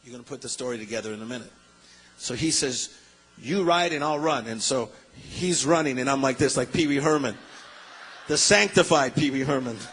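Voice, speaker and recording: A middle-aged male preacher telling a story in a sermon, animated and acting out the voices of people in it, calling out to his listeners. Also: medium pitch, brisk, slight background noise, poor audio.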